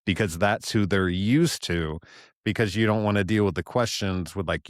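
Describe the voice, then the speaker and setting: A man hosting a podcast, reflecting casually and thinking aloud with lively self-quotes. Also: on the low side, normal speed, dry recording, clean studio sound. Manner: thinks aloud with fillers, animated when quoting himself. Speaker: podcast host.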